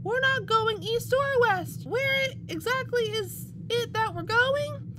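A woman voicing a cheeky young child on a train in a high, sing-song voice, reading video game dialogue aloud. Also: expressive, takes it slowly, background noise, exaggerated voice. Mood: teasing.

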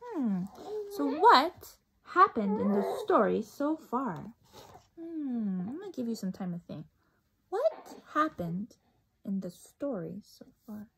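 A woman teacher reading a picture book aloud to a child, with slow, expressive storytelling and hushed asides. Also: on the high side, gravelly, slight background noise, low-quality recording.

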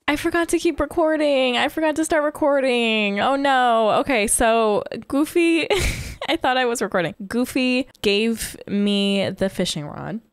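A woman hosting a casual let's-play, chatting excitedly and squealing little cheers as she plays. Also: on the high side, unhurried, clear, resonant tone, no room sound, clean studio sound. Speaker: gaming channel host.

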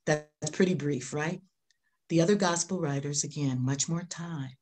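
Low-voiced woman pastor preaching. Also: a little slow, a little mellow. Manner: earnest, repeats key phrases for emphasis. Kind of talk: sermon.

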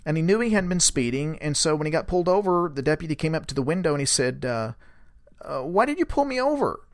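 A man's voice: fairly high pitch, fast talker, no room sound. Man telling a story, dry sound. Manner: relaxed and rambling, with fillers, shifting into animated quoted speech. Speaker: host recounting a source's story. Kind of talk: conversational storytelling.

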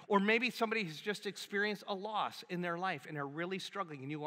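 A man preaching a sermon as a pastor, animated and conversational, acting out little quotes as he goes. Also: high voice, fast, few pauses. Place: church sanctuary. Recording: long hall reverb in a church.

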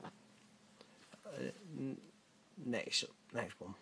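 A man's voice: medium pitch, animated, drawn-out words, vocal fry, pushed and bright, husky, faint music behind. A middle-aged British man hosting a casual reaction video, blunt and sweary with teasing banter. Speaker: channel host reacting to viewer messages.

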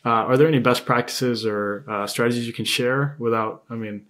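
A man hosting a podcast, asking relaxed, hesitant questions full of fillers. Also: medium pitch, moderate pace. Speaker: podcast host. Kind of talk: casual interview questions.

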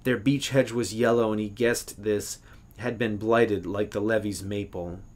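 A man, an English professor, reading a literary short story aloud in a measured, expressive way, now and then correcting himself. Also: lowish voice.

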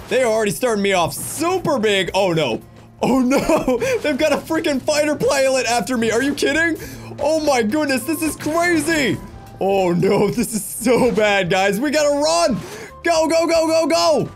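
A young gaming YouTuber commentates on a let's-play with excitable, jokey energy, calling his viewers "guys" and talking straight to them. His high voice jumps up and down constantly, with light music faintly underneath.

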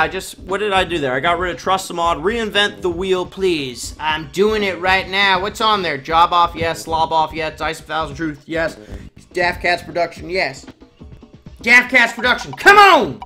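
A man live-streaming to his chat in a crude, rambling, excitable way, swearing freely. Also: high voice. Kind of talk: casual live-stream chatter to viewers. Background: game music.

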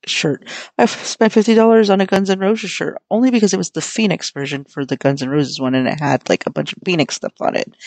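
A young American woman hosts her own solo podcast, talking in a rambling, frank way with plenty of swearing. Her voice is on the low side and a little mellow, and the recording is dry.

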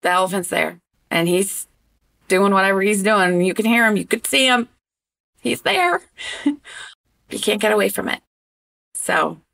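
A woman guest in a casual interview conversation who talks with animated expression and often stops on an um. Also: medium pitch, unhurried, creaky, long pauses. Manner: animated and expressive, breaks into laughter; hesitant with frequent ums.

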